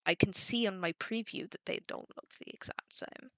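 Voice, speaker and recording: A woman's voice: medium pitch, moderate pace, no room sound. A young woman streaming, chatting casually to her viewers, exasperated and swearing often. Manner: exasperated, swearing, talking to chat. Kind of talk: casual livestream chat. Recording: dull lo-fi dry mic.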